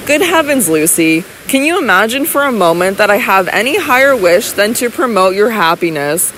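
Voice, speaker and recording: A woman voices a doting older baronet in an audiobook. He sounds fond, reassuring and warmly indulgent, and he blusters when he is troubled. A faint hiss sits under the reading. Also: mid-range voice, big pitch swings, moderate pace, low-quality recording.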